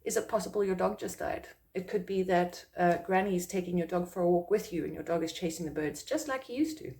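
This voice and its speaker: A woman's voice: fairly low pitch, quick pace, creaky, dark tone. A woman from South Africa, a psychic medium, talking casually to camera and acting out quoted reactions in a raised voice. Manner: rambling, with fillers and restarts.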